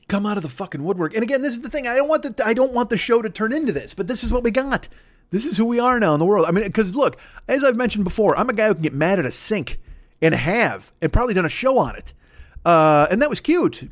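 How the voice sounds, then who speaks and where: A man in his fifties from the Chicago area rambles through a comic monologue, swearing freely and mocking himself. His voice sits a little high for a man. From Chicago area, USA. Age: 50s. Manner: profane, rambling, self-mocking rants. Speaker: podcast host. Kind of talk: solo comedic monologue.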